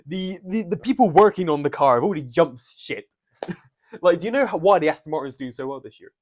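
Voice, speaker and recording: A man's voice: a little high, animated, quick pace. Jokey, swearing man. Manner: swearing, jokey, rambling recap. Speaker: podcast co-host. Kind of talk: casual chat.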